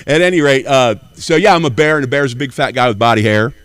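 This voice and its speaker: A man's voice: mid-range voice, fast talker, a bit bright, clear, resonant tone, no echo. A man in his sixties from Tennessee, doing brash, profane stand-up at an open mic. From Nashville, Tennessee. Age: 60s. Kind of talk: stand-up comedy.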